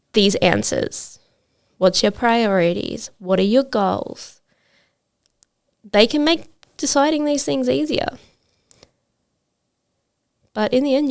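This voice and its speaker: Smooth, slightly gravelly woman podcasting. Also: a little high. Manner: earnest, motivational, with frequent fillers. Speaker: podcast host and trades coach. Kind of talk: solo podcast talk.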